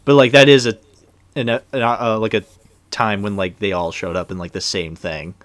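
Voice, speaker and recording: A man's voice: fairly low pitch, fairly even intonation, moderate pace, fairly bright tone, dry recording. Rambling young man on a movie commentary. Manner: rambling, loose, with many fillers and trailing sentences. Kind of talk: casual movie commentary chat.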